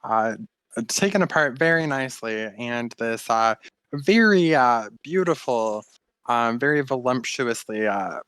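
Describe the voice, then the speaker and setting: A man as game master, narrating a tabletop game in a halting way with many fillers. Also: mid-range voice, animated, fairly bright tone, smooth, no room sound.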